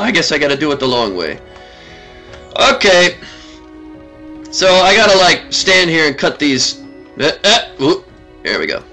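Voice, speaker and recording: A man in his thirties giving casual let's-play commentary, excitable and talking back to the game. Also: medium pitch. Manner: excitable, talks to the game, frequent laughs and exclamations. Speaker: gaming video host.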